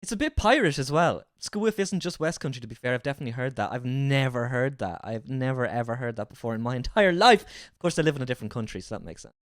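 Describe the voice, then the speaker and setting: A man's voice: mid-range voice, animated, fast talker, few pauses, no room sound, clean studio sound. A man streaming a reaction to a video, riffing with incredulous, swearing commentary.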